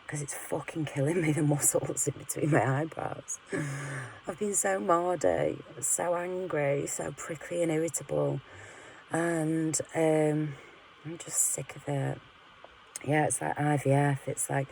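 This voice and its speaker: A woman's voice: low-pitched, fairly even intonation, a little slow, a little mellow, a little hiss or hum, low-quality recording. A woman venting in a candid, rambling monologue to her camera, frank and full of swearing, often laughing at herself. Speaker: vlogger.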